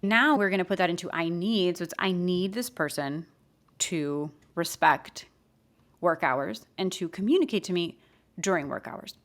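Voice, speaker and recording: A woman hosting a podcast, giving casual advice in an emphatic, animated way and laughing often. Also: fairly low pitch, moderate pace. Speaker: podcast host.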